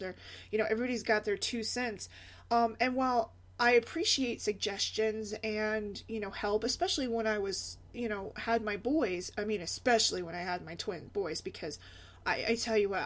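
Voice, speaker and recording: A young woman chatting casually in a vlog about parenting, animated and laughing often. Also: medium pitch. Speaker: mom blogger.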